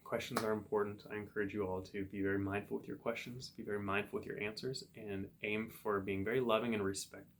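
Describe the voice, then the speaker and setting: A man, a psychotherapist hosting his own show, thinking aloud in a relaxed solo monologue with everyday examples. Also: lowish voice, fast, few pauses, a little hiss or hum. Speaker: psychotherapist podcast host.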